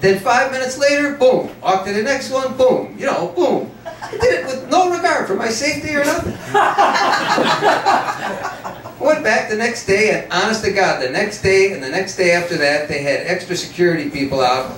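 A man reading his own first-person story aloud in a cafe, in an animated, profane storytelling manner. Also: high voice, normal speed, slight background noise. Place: cafe before an audience. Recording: roomy cafe sound from a distant mic.

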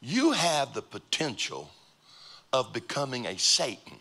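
A man preaching a sermon in a church, joking with sudden loud outbursts and quiet asides. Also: mid-range voice, huge pitch swings, measured pace. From United States. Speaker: pastor. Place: church auditorium.

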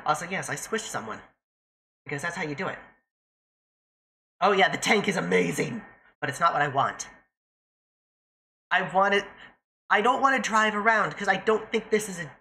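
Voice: medium pitch, pushed and bright, a little hiss or hum. A young adult streamer giving casual, profane commentary while playing a game live and chatting to viewers. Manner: chatty, profane, talks to self and chat.

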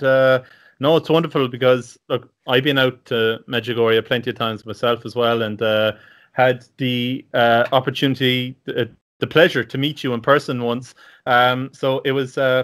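A man's voice: mid-range voice, fairly bright tone. A man hosting an interview, enthusiastic and full of fillers, repeating words of praise. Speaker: interviewer, host. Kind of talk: interview, casual chat.

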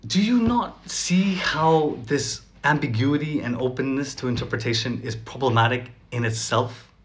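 A man's voice: mid-range voice, normal speed, a little hiss or hum. A man talking casually to camera in a sarcastic, chatty way, often laughing and asking "right?" between points. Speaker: vlogger. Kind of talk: casual direct-to-camera commentary.

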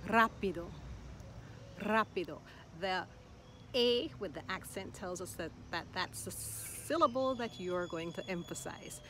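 A woman's voice: fairly low pitch, expressive, a bit bright. Encouraging woman teaching with noise behind. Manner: encouraging, repeats words slowly and distinctly. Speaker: Spanish teacher. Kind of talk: slow, clear language lesson. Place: outdoors in Mexico.

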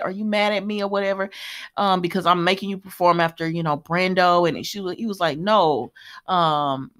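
Her voice is lowish and a bit bright as she recaps a soap opera episode in a relaxed, colloquial way. She chats through the scenes, laughs, keeps up running commentary, and addresses viewers as y'all.

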